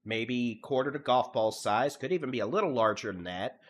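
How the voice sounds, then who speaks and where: A middle-aged Texan man giving live severe weather updates, listing towns and hail timings in a steady, at times monotone briefing while congested from allergies. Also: medium pitch, normal speed. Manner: steady briefing cadence, lists place names, at times monotone. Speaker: storm chaser and severe weather streamer. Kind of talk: live weather coverage commentary.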